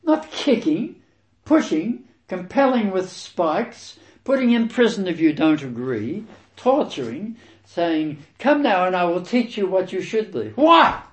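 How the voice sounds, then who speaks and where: A man preaches through scripture with a fairly high, highly animated voice. He hammers key words, swinging between loud stresses and quiet asides. The sound carries a roomy echo. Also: unhurried. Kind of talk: expository sermon reading and commenting on scripture.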